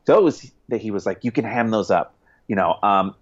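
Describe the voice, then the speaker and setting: A man, a guest author, chatting casually in an interview, rambling with restarts and quick laughs. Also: on the low side, lively intonation. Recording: dull lo-fi sound.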